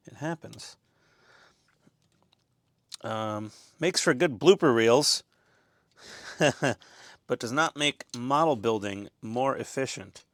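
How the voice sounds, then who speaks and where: A man's voice: medium pitch, fairly bright tone, no echo. A man giving casual, rambling commentary as he builds a scale model, chatty and self-deprecating.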